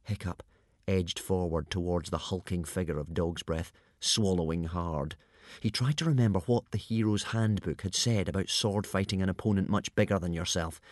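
Expressive male storybook narrator. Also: low voice, normal speed, no echo, studio quality. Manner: lively, expressive reading. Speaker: audiobook narrator.

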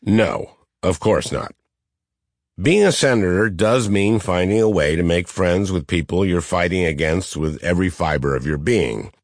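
A middle-aged man with a nasal Midwestern twang reading his own memoir as an audiobook, with dry, deadpan wit. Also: sits low, dry recording. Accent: Midwestern American.

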